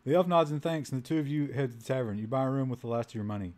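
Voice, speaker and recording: A man's voice: medium pitch, quick pace, few pauses, darkish tone. A male streamer reading a text adventure game aloud to his chat, amused and commenting as he goes. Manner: amused, breaks into laughter at the story; addresses chat directly.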